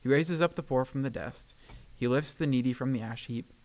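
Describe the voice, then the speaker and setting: Male co-host, gravelly voice, earnest scripture reading, some stumbles. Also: medium pitch, a little fast, a little mellow, rough recording. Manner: earnest, reads with small stumbles and fillers. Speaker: podcast co-host. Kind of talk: Bible reading and reflection.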